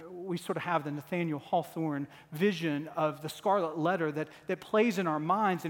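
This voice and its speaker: A man in his forties delivers a sermon with a notably high voice, earnest and building toward emphatic, repeated lines. His words ring out with a long reverb, as in a church sanctuary. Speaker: pastor.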